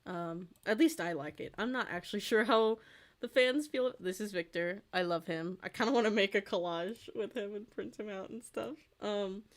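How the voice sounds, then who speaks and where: A woman's voice: mid-range voice, moderate pace. Rambling young woman chatting while drawing. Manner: rambling, lots of fillers, easily amused. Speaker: streamer and artist. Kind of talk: casual livestream chat while drawing.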